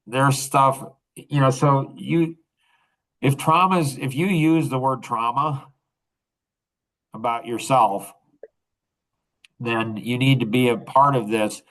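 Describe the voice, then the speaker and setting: A man's voice: mid-range voice, fairly bright tone, rough recording. An older man hosting a podcast, talking in a rambling, casual monologue full of restarts and laughter. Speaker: podcast host.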